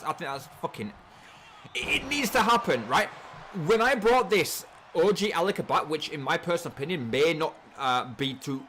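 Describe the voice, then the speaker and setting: An English man calls the action of a wrestling game on his live stream, talking in a casual, excitable way and swearing freely. His voice is fairly high and very animated, leaping up and down as he repeats himself. A faint noise sits under the voice. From England. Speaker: streamer and commentator.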